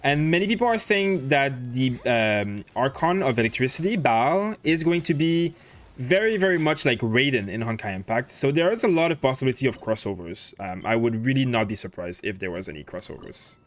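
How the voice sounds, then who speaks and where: Lively-voiced man streaming a game. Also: mid-range voice, fairly quick. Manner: thinks aloud, answers chat questions with many fillers. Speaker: livestream gaming host. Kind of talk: casual livestream commentary while playing.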